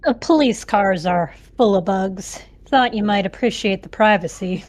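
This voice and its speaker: A woman's voice: medium pitch, moderate pace, darkish tone, lightly acted. A woman voicing a male cop in a cowboy-style drawl for a game playthrough, with a dry, sly delivery.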